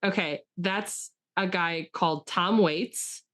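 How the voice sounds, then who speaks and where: A woman's voice: on the low side, slow pace, a bit bright. A woman co-hosting a podcast, talking enthusiastically about a film in casual chat with lots of fillers. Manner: chatty, enthusiastic, with frequent fillers and restarts. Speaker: podcast co-host.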